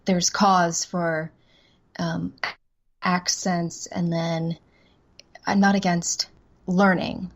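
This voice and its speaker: A woman voice actress from the American South, chatting as a guest in a casual interview, self-deprecating and quick to laugh. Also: fairly low pitch, flat delivery. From Southern United States.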